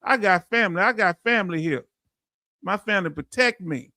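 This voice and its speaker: A man with a Texan accent hosts a live stream in a high, gravelly voice. He reads chat comments aloud and speaks with emphatic, animated energy. The recording is close and dry. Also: brisk, dry recording. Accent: Texan English. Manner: emphatic, animated storytelling with frequent laughs. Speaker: veteran live-stream host.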